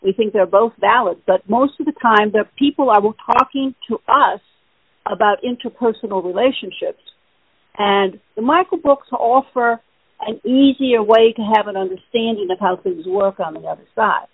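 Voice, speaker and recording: This woman, speaking in a mid-range voice at normal speed with a slightly rough quality, hosts a spiritual question-and-answer show by phone. She answers listeners' questions casually, explaining at length in an earnest, rambling manner. The audio comes through a tinny phone line and sounds dry.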